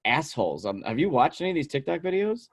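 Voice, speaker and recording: Lively, laughing podcast host man. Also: fairly high pitch, fast talker, slight background noise. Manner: animated storyteller, laughs often. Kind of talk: casual interview chat.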